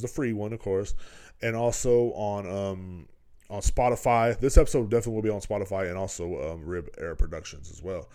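A man in his thirties talks alone into his podcast mic in a slightly low voice. He rambles loosely and swears constantly. He keeps checking in with his listeners as he goes. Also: warm tone. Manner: rambling and heavily profane, with constant "you know what I'm saying". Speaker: podcast host. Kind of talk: casual solo podcast talk.

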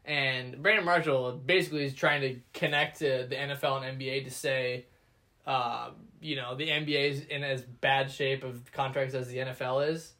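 A man co-hosting a casual sports podcast, setting up clips and laughing easily. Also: mid-range voice. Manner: laughing, relaxed storyteller, sets up clips. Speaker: podcast co-host. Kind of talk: casual chat.

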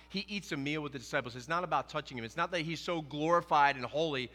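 A man preaching a sermon as pastor, in an animated, conversational way, often acting out quoted dialogue. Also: a little high, a little fast, few pauses, long reverb tail.

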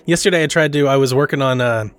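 A man in his thirties co-hosting a casual chat, telling animated stories. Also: medium pitch, fast talker. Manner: animated storyteller, acts out family quotes with laughter. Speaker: podcast co-host.

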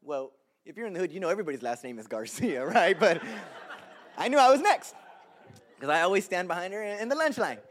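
A man preaching a sermon full of storytelling, swinging between shouts and hushed asides. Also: sits high, sing-song, fast. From Southern California.

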